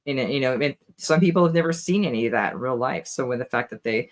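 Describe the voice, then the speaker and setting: A man co-hosting a podcast, speaking in casual chat, relaxed and chuckling, with many "you know"s. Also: medium pitch, quick pace. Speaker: podcast co-host.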